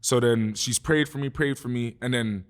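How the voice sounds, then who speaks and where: A young man with a London accent tells his story in a loose, animated podcast chat. He swears freely and keeps dropping "bruv" as he goes. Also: medium pitch, normal speed, clean tone. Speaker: guest musician.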